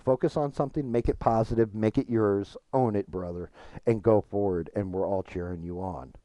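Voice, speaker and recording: Low, mellow-voiced man streaming casually. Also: moderate pace, no room sound. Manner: frank and profane, rambling with restarts. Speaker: gaming streamer.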